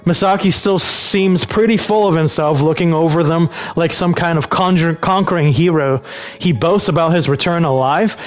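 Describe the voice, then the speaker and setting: Male streamer with a slightly higher voice, casually narrating a game and answering chat. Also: rough recording. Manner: relaxed, breaks off to answer chat. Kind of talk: reading game text aloud between casual chat.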